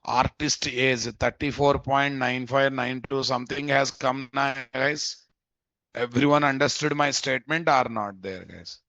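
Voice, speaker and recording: A man's voice: medium pitch, steady tone, measured pace, pushed and bright, no echo. Casting note: male coding instructor, thinks aloud and repeats himself, dry lo-fi mic. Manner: thinks aloud, repeats phrases, often adds "guys?". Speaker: programming instructor. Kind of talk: live coding lesson. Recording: dull, dry lo-fi mic audio.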